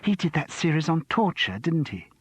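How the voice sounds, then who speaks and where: A man's voice: fairly high pitch, sing-song, normal speed, slightly rough, no echo, highs cut off, voice pushed up. A man voicing a giggly, flirtatious woman contestant who squeals and gossips. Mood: gossipy.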